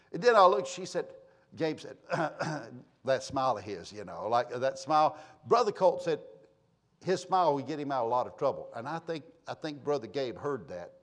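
A man, a pastor telling a folksy, animated story from the pulpit and acting out the exchanges. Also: mid-range voice. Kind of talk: sermon storytelling.

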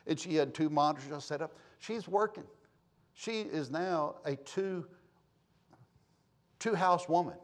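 A man, a pastor telling a folksy, animated story from the pulpit and acting out the exchanges. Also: on the high side, unhurried, long pauses. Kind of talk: sermon storytelling.

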